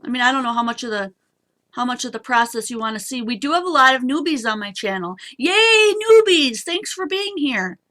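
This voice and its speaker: A woman's voice: a little high, quick pace, sharp tone. A woman hosting a live papercraft stream, chatty and bubbly as she demonstrates and talks to her viewers. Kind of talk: casual craft demonstration.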